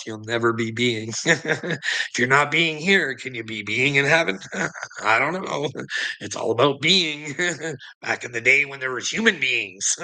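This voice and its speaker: A man's voice: mid-range voice, vocal fry, pushed and bright, poor audio. A middle-aged man rambles to his livestream chat, swearing constantly and laughing between sentences. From Canada.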